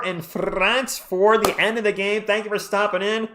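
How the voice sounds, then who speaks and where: A man, hoarse and losing his voice, doing fan play-by-play on a live stream and ranting about referee calls. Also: high-pitched, little pitch movement, normal speed, hardly any pauses, pushed and bright.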